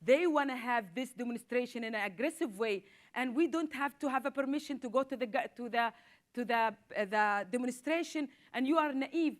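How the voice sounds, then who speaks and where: A woman in her forties from southern Israel speaks on a panel as a social worker. She talks earnestly and with growing urgency, circling back over words as she presses her case. Her voice sits a little high. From southern Israel (Negev). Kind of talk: impassioned panel talk.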